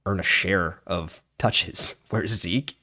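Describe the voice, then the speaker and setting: Brief: relaxed lower-voiced man, casual draft talk, dry mic. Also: no room sound. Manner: laid-back, agreeable, lots of quick yeahs and mm-hmms. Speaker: guest fantasy analyst. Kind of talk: casual chat while drafting.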